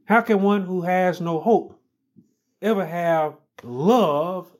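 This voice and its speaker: A man with a high, darkish voice preaches slowly and emphatically. He repeats phrases, building the stress on key ones each time.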